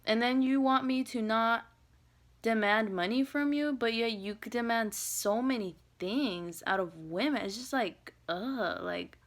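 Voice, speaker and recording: A woman venting in a monologue, blunt and profane, rambling with many fillers and swinging between loud outbursts and hushed, whispered asides. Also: on the high side, measured pace.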